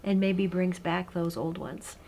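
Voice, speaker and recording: A woman's voice: lowish voice, level tone, measured pace, warm tone, a little hiss or hum. A woman interviewing a guest, asking questions and encouraging him with frequent murmured agreement. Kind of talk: conversational interview.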